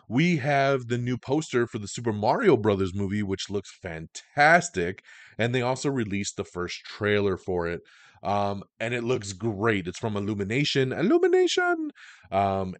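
A man's voice: lowish voice, dry recording. A man hosting a podcast, giving a casual, enthusiastic, slangy run through entertainment news. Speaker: podcast host.

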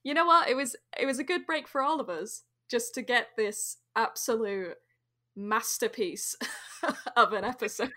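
A woman's voice: a little high, unhurried. A woman co-hosting a podcast in casual chat, joking and laughing often. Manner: giggly, animated, joking. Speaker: podcast co-host.

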